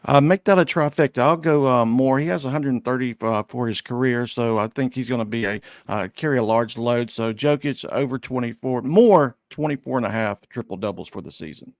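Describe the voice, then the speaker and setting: A man on a sports betting panel who backs his picks with statistics, pausing on frequent "uh"s. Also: mid-range voice, no room sound, clean studio sound. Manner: stats-heavy, hesitant fillers. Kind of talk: sports betting show chat.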